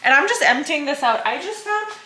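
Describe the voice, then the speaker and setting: A woman's voice: high voice, expressive, fairly quick, pushed and bright, poor audio. A young woman from Canada, chatting casually to camera in a rambling, giggly way with lots of fillers. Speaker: vlogger. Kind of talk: casual vlog chat to camera. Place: car, parked.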